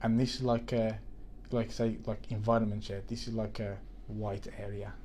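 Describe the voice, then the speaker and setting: A man's voice: lowish voice, flat delivery, normal speed, a little mellow, a little hiss or hum. A man, chatting on a podcast and telling a story with many restarts. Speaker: podcast co-host. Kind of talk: casual chat.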